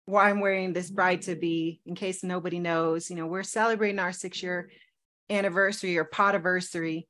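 A woman co-hosting a podcast in casual chat, telling stories in an animated, laughing way. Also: on the low side, a little fast. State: engaged to be married. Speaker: podcast co-host.

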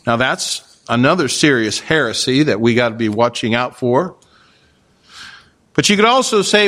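A man delivering a verse-by-verse sermon, his voice sitting a little higher than most men's. He speaks in a measured, emphatic way, stressing key phrases and slipping in the odd dry aside. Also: a bit bright. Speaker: pastor. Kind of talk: expository sermon.

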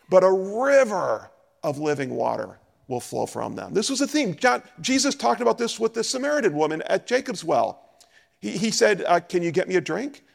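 A man preaching a sermon as a pastor, animated and acting out scripture dialogue. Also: sits high, creaky, in a large hall.

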